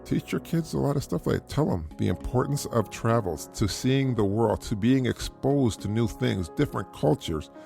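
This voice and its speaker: A man's voice: mid-range voice, expressive, normal speed, gravelly, few pauses, over music. A middle-aged man hosting a podcast, giving casual parenting advice in an earnest, repetitive way and chuckling at his own points. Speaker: podcast host.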